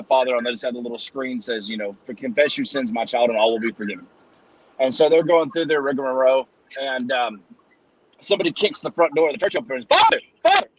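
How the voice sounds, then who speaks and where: A man's voice: medium pitch, husky, rough recording. A man telling a long joke in casual chat, rambling and acting out the characters' voices. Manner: rambling storyteller, acts out voices.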